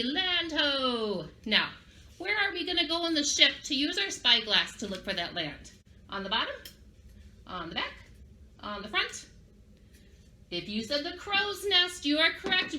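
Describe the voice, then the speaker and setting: Speaking a little high with a sharp tone, a woman presents a children's craft and vocabulary lesson at the library. She's upbeat and sing-song, having young listeners echo words back to her.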